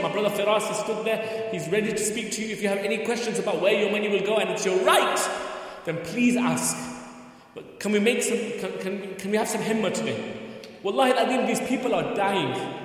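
A man making an impassioned fundraising appeal to a crowd in a large hall, pleading and pressing them with repeated questions. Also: high voice. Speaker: charity fundraiser. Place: large hall at a religious gathering. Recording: echoey hall, distant mic.

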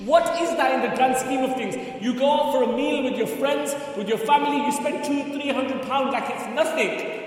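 Man, high voice, impassioned fundraising appeal, pleading, repeated questions, distant mic, very echoey hall. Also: normal speed. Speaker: charity fundraiser. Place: large hall at a religious gathering.

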